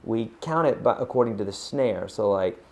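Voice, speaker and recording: A man giving a casual acoustic guitar lesson, chatty and relaxed, counting beats aloud. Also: lowish voice, moderate pace. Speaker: guitar teacher. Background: acoustic guitar playing.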